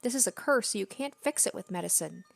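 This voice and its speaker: A woman's voice: medium pitch, animated, fast talker, gravelly, dry recording, faint music behind. A woman reading the lines of a disturbed teenage girl from a visual novel, repeating herself feverishly. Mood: frantic. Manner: feverish, repetitive apologizing.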